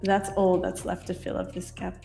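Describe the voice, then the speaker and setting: Aussie woman chatting on a livestream, lowish voice, laughs a lot, echoey room. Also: monotone, normal speed, gravelly, dark tone, faint music behind. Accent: Australian. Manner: chatty, laughs often, reads chat aloud. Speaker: livestream co-host. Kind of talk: casual live-stream chat.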